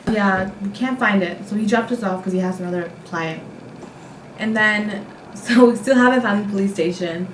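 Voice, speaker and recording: A young American woman telling a travel story in a casual, animated way, acting out what people said. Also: medium pitch, normal speed, reverberant, recorded from a distance, noisy background. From United States. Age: young adult. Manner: animated, acts out quotes.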